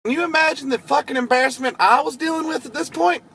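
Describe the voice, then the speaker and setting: A man telling a profane story in an animated way while driving at night. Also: very high-pitched, quick pace, creaky, low-quality recording. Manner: animated, profane, laughing disbelief. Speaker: storyteller vlogger. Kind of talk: casual storytelling vlog. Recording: faint road noise in a vehicle.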